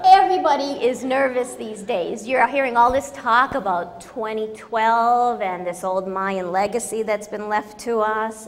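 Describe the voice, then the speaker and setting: Lady giving a funny talk, straight-talking, big echoey room. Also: medium pitch. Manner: wry, direct and storytelling. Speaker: conference speaker. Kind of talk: humorous public talk.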